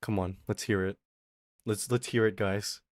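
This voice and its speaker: A man's voice: fairly low pitch, steady tone, normal speed, dry recording, studio quality. A man chatting casually on a live stream, rambling playfully and talking to his chat.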